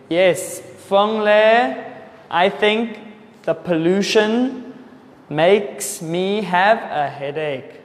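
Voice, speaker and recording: A man with a fairly high voice teaches English, answering viewer questions at a very slow, careful pace. He repeats and corrects words for his learners. The echoey room adds a long reverb behind him. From South Africa.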